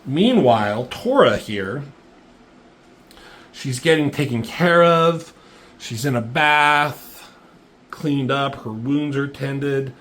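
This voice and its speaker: A man's voice: medium pitch, takes it slowly, long pauses. A man casually recapping a comic book page by page, swearing freely and getting worked up over the fight scenes, with lots of fillers. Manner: profane, excitable play-by-play with lots of fillers.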